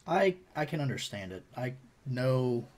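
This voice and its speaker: A man's voice: medium pitch, very animated, unhurried, darkish tone. A man joining a gaming roundtable, talking casually and hesitantly while he searches for words. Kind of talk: casual chat.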